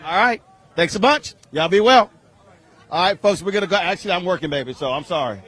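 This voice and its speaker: A man's voice: high-pitched, animated, fairly quick, a bit bright. A man interviewing people outdoors at a crowded street event, talking in a breezy, upbeat and colloquial way. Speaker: event reporter. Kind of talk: roving interview.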